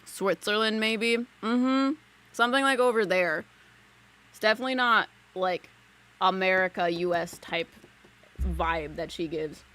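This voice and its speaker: A woman giving a psychic reading on a live stream from her desk at home. She rambles in a loose, giggly way and fills her sentences with casual filler words. Her voice sits in a middle pitch. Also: a little slow, a bit bright. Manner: chatty, giggly, lots of "like" fillers. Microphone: desk mic on a live stream.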